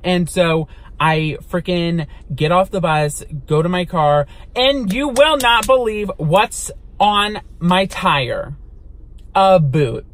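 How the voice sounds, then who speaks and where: A young man vlogging from inside a car, telling a story in an animated, dramatic way and swearing now and then. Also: sits high, slow pace. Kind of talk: storytime vlog.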